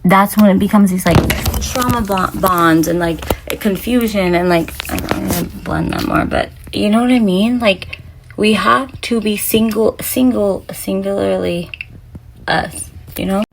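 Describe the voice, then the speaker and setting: A woman giving a casual, profanity-laced spiritual pep talk, rambling and emphatic, sometimes dropping to a soft whisper. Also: medium pitch, measured pace, vocal fry, noisy background. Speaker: spiritual reader.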